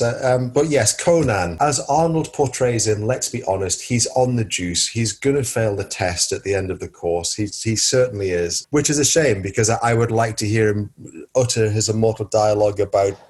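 Husky guy doing snarky podcast riffs, middle-aged, lots of jokey asides. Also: medium pitch, a little mellow. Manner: sardonic, wordplay-heavy, theatrical asides. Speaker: podcast co-host. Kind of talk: comic podcast banter.

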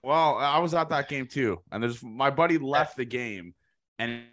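A man co-hosting a sports podcast in casual chat, his voice hoarse, talking in an excitable, profane, laughing way. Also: mid-range voice, a little slow. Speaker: podcast co-host.

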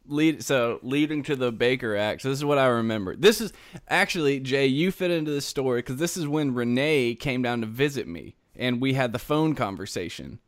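A man hosting a casual podcast, his voice sitting at an ordinary middle pitch. He tells his story in a loose, rambling way, laughing at himself. The sound is close and dry, with no room around it. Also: lively intonation, moderate pace, no room sound. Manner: rambling, self-mocking, laughs through the story. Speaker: podcast host.

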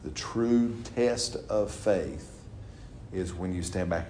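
A man's voice: low-pitched, slow pace, warm tone. A middle-aged man, a pastor teaching a Bible study in a chatty, laughing way, often asking "right?" of his listeners. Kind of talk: informal teaching with congregation replies. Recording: roomy echo, faint background noise.

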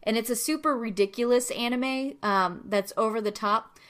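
A woman's voice: on the high side, normal speed, a bit bright. A woman hosting a casual chat, explaining at length with many fillers. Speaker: host.

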